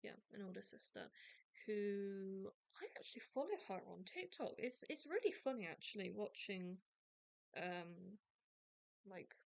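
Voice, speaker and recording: A woman's voice: medium pitch, animated, a little slow, vocal fry, no echo. A young English woman hosting a podcast, chatting casually and rambling with many restarts and self-deprecating asides. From England. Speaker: podcast host. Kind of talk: casual chat.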